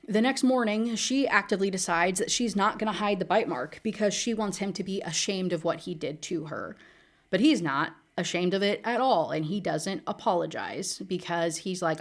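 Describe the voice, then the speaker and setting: A woman's voice: fairly low pitch, moderate pace. A woman giving a casual, sarcastic book recap, full of fillers. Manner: chatty, filler-heavy, sarcastic. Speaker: book reviewer.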